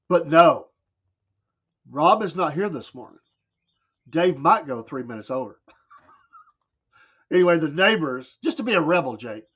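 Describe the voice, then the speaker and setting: A Southern American man hosts a casual morning show, reading chat comments and telling folksy stories with frequent laughs. His voice sits a little high for a man. The audio is dull and lo-fi. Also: fairly bright tone, slightly rough. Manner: folksy storytelling, laughs often. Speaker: radio show host.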